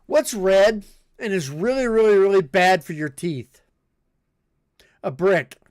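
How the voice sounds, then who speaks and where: Guy streamer reading dad jokes slow, voice bouncing all over, giggling till he cries. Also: lively intonation, a little mellow. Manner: reads corny jokes aloud and laughs hard at them; giggly, breaks into high tearful laughter. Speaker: game streamer. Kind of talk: casual live-stream chat.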